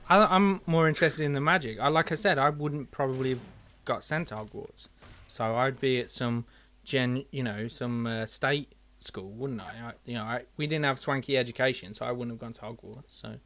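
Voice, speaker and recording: A man's voice: mid-range voice, moderate pace, a bit bright. A man hosting a casual podcast chat, rambling and searching for words, swearing casually. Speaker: podcast host.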